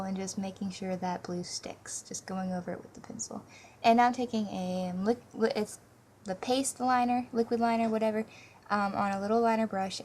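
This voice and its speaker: A woman's voice: medium pitch, darkish tone, slight background noise. A young woman casually narrating a makeup tutorial, rambling a bit with ums and self-corrections. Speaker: makeup vlogger. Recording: music playing underneath.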